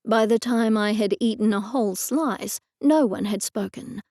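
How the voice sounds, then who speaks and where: A woman narrating a cozy mystery audiobook in the first person, measured and even. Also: fairly high pitch, no room sound, studio quality.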